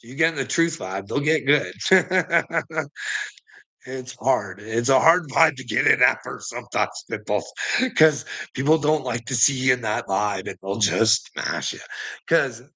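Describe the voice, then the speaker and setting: A man talks straight to his viewers in a loose, rambling vlog monologue, swearing freely. His voice is bright and pushed forward, and he keeps breaking into short laughs between lines. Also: medium pitch, expressive, unhurried. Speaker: channel host.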